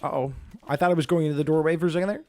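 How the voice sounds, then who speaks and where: A man's voice: fairly high pitch, fairly even intonation, very fast, darkish tone, soft background music. A man giving let's-play commentary as he plays, chatty and self-mocking, reacting aloud to the game. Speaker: gaming video creator.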